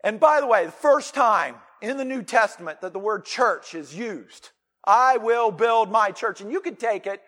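A man's voice: sits high, lively intonation, normal speed, few pauses, a bit bright, in a large hall. A man preaching a sermon as the pastor, stressing single words and restarting his phrases.

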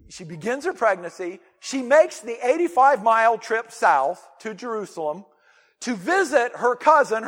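A man with a high voice preaches a sermon as pastor. He talks in a conversational, emphatic way with playful asides. His voice rings with the long reverb of a large church sanctuary.

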